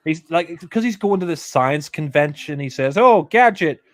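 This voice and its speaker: A man's voice: fairly high pitch, moderate pace. A man casually commentating on a film and often repeating himself as he hesitates. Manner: hesitant, stumbles and repeats words.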